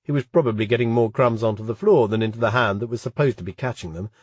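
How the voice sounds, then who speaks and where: Brief: male audiobook reader, husky, steady, close and dry. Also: mid-range voice, fast, no room sound. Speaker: audiobook narrator. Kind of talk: scripted narration.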